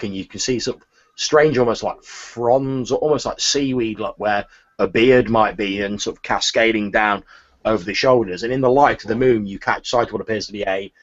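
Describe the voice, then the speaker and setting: A man narrating as game master, describing scenes with small restarts. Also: on the low side. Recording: lo-fi audio.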